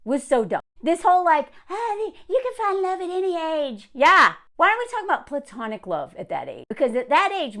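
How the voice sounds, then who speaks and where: A woman's voice: fairly high pitch, fairly bright tone. Woman ranting on her channel, sarcastic and scornful, voice jumping all over. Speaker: commentary vlogger. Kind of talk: opinionated commentary rant.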